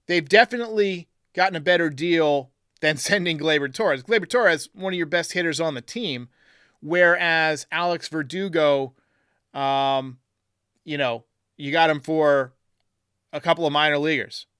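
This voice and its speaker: A man hosts a casual live stream, chatting and reading viewer comments aloud as he thinks things through. His voice sits a bit high and sounds smooth and clear. The sound is close and dry, with no room around it. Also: unhurried, a bit bright, no echo. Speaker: podcast host reading live chat.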